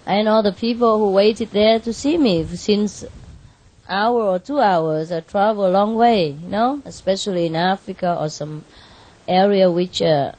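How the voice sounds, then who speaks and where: A woman telling an animated story to an audience in non-native English, laughing often and lifting her voice for her own quoted words. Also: medium pitch, a little slow. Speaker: spiritual teacher addressing an audience.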